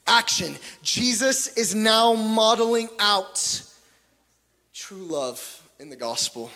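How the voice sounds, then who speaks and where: A man preaching a sermon with passion, swinging from loud pleading to hushed tones, with joking asides. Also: high voice, lively intonation, takes it slowly. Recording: long hall reverb.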